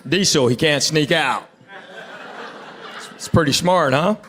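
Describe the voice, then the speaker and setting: A man's voice: on the high side, takes it slowly. A middle-aged man from Tennessee, telling stand-up stories in a dry way and acting out the people in them, on a theater stage with a handheld mic. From Knoxville, Tennessee. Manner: dry storytelling, acts out quoted people. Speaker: stand-up comedian. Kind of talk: stand-up comedy set. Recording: live show with crowd noise. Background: audience laughter.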